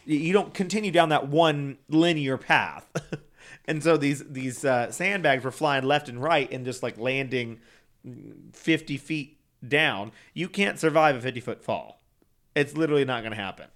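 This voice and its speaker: A man's voice: medium pitch, moderate pace, a bit bright. A young man telling a story in casual chat, rambling, swearing freely and laughing often. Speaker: podcast co-host.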